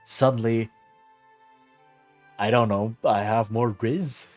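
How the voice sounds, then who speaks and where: A man's voice: fairly low pitch, measured pace, darkish tone, soft background music. A man streaming a game, tired and yawning, thinking aloud and joking casually. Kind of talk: casual gameplay commentary.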